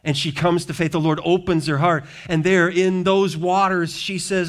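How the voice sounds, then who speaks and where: A man with an American accent, a pastor preaching a sermon and telling the stories in lively, acted-out voices. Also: high voice, moderate pace. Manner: animated storyteller, acts out voices.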